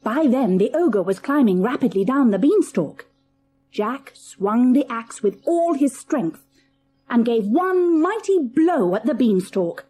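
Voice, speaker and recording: A woman's voice: on the high side, expressive, unhurried, dark tone. A woman narrating a children's storybook audiobook, reading expressively and dramatically.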